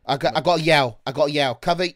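A man's voice: fairly high pitch, fast talker, dry recording, clean studio sound. A male livestreamer chatting casually to his viewers, brash, profane and mocking. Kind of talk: casual live-stream chat.

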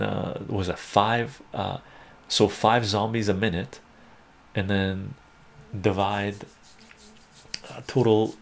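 A man's voice: lowish voice, gravelly, a little hiss or hum. A man hosting a live stream from home, chatting casually and reading out viewer comments, laughing often and thinking aloud. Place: home room with a meowing cat.

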